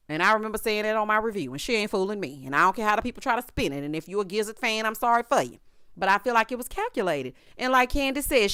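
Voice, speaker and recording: A woman's voice: mid-range voice, a bit bright, clear, resonant tone, no room sound, studio quality. A woman giving a sassy, sarcastic recap of a reality show in loose, slangy casual talk. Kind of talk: opinionated casual recap commentary.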